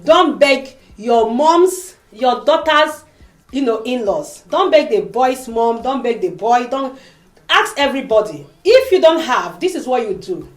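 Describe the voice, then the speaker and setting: A woman talks straight to camera in a casual vlog. Her fairly high voice swings up and down with lively emphasis. The room around her is echoey. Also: a little slow. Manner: animated, emphatic, acts out quoted voices. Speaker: vlogger. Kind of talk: emotional casual vlog monologue.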